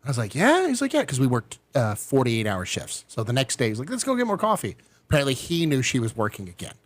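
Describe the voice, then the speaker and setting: A middle-aged man telling a story in relaxed conversation. He talks in an animated way and jumps up in pitch whenever he plays other people's lines. His voice sits in a middle register, recorded dry with little room sound. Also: fast, no echo. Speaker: podcast guest. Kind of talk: casual storytelling.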